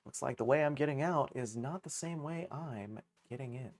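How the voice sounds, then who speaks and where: Man, game streamer, casual live chatter, self-deprecating, swears a lot, mid-pitched voice. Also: normal speed, slight background noise. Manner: rambling, self-mocking, swears freely. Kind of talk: casual gaming livestream chatter.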